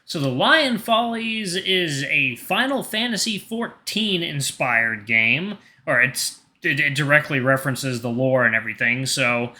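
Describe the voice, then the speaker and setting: A man hosting a let's play in a relaxed, chatty way. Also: fairly high pitch, a little slow, few pauses. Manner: relaxed, chatty, says y'all. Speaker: gaming channel host. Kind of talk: casual let's play chat.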